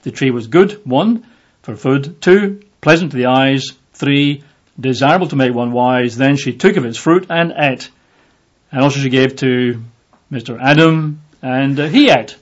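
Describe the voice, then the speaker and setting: A man's voice: medium pitch, unhurried. Man giving a casual Bible talk, lo-fi. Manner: conversational, with many fillers, acts out voices in the reading. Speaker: preacher. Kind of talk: informal Bible teaching. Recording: dull lo-fi audio.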